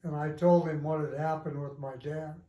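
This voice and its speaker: An older man telling a family story in an unhurried, folksy way over a video call, pausing often with "uh". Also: a little high, fairly even intonation, mellow. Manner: unhurried, folksy, with many "uh" pauses. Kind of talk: casual storytelling. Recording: echoey room on a video call.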